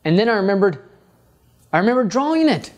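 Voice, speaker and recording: A man's voice: high-pitched, a little fast, lo-fi sound. A middle-aged man who teaches art, telling a personal story and acting out his own inner voice. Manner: animated, acts out his inner voice.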